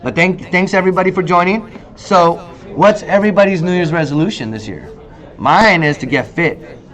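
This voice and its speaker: A man in his thirties hosts a casual talk show, chatting straight to his viewers. His voice sits a little high for a man, and he tells stories with lots of energy, jumping into quoted lines. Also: normal speed. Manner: animated storyteller, acts out quoted lines in a higher voice. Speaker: host. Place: in Korea.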